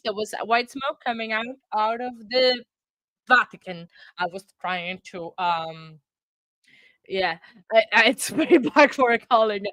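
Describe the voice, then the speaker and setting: A woman's voice: on the high side, a bit bright, no echo. Chatty woman hosting a live stream. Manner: chatty and rambling, laughs often. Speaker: livestream host. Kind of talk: casual live-stream chat.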